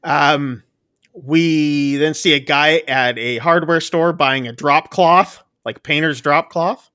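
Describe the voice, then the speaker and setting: A man with a bright, forceful voice, chatting casually as he rambles through a plot recap. He talks loosely with plenty of fillers and throws in quick jokes. His voice sits a little high and sounds dry and close. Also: smooth, no echo. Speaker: podcast co-host reviewing a film.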